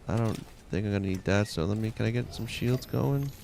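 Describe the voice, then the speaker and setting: A man's voice: on the low side, fairly quick, creaky, a little mellow, slight background noise. A man with a Long Island accent giving casual commentary as he plays a game, chatty and muttering to himself while he loots. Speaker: game streamer.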